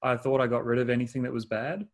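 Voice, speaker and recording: Male podcast host, middle pitch, easygoing banter with plenty of swearing. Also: steady tone, fast. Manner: laid-back, swears, laughs often. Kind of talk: casual chat.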